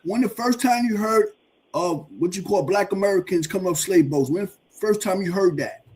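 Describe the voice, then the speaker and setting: A man's voice: high voice, normal speed, a little mellow, husky. A man in his fifties on a podcast panel, insistently repeating his question during a heated debate. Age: 50s.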